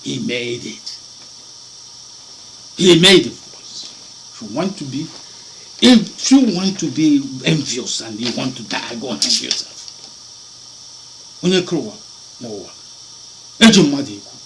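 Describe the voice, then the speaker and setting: A man preaching an impassioned sermon, swinging between loud declamations and hushed, almost whispered lines. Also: medium pitch, expressive, a little slow, creaky, pauses often, slight background noise, low-quality recording. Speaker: spiritual preacher.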